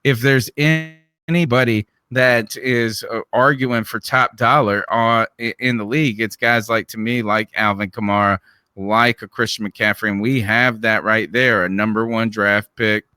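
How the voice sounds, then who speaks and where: A man's voice: fairly low pitch, steady tone, normal speed, pushed and bright, clear, resonant tone, dry recording, studio quality. A man with a Southern accent co-hosting a casual sports podcast, asking questions and restarting his sentences as he talks. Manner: conversational, prone to restarts and rhetorical questions. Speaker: podcast co-host.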